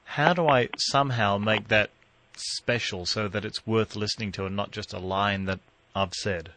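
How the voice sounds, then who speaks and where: A man's voice: on the low side, moderate pace, background noise. A male radio host interviewing a guest in a chatty, playful way.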